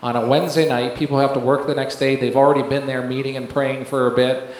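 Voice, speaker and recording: A man's voice: medium pitch, level tone, fast. A man giving a rambling testimony in a sermon, with many fillers and restarts, often laughing as he tells it. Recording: very echoey room, faint background noise.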